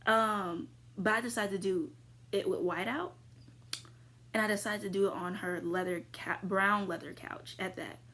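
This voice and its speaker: A young adult woman vlogger casually answering viewer questions, rambling with lots of fillers and jumping into sudden high squeals. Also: fairly even intonation, moderate pace, sharp tone. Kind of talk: casual chat.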